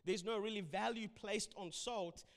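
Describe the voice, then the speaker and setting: Male preacher, high voice, emphatic sermon, church reverb. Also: fairly even intonation, measured pace. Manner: emphatic, urging the congregation. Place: church hall.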